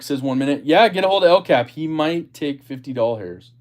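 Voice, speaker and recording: Chatty male livestream host, higher voice. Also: moderate pace, hardly any pauses, darkish tone. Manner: chatty, reads viewer comments aloud, apologetic asides. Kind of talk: casual livestream chat.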